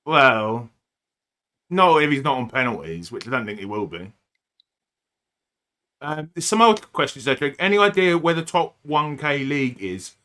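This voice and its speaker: A man's voice: medium pitch, expressive, normal speed, long pauses, sharp tone. A man hosting a casual podcast chat, teasing his co-host and laughing easily.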